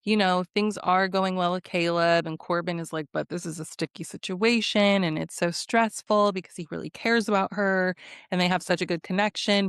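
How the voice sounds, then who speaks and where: A woman with a fairly low voice recaps a reality show in a casual, sassy way. She laughs often and throws in mocking asides. The close, dry sound has no room echo. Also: smooth. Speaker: recap host.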